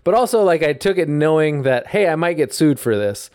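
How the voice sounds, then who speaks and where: A man's voice: fairly high pitch, very animated, brisk, darkish tone, smooth, dry recording, studio quality. Rambling, foul-mouthed man chatting. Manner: rambling, swears freely, many fillers. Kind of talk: casual podcast chat.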